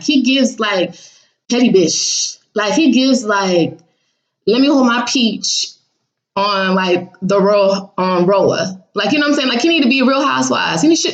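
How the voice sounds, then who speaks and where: A woman's voice: fairly high pitch, dull audio. A woman casually telling her viewers about a dream, blunt and sassy, acting out what people said in raised voices. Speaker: vlogger recounting a dream.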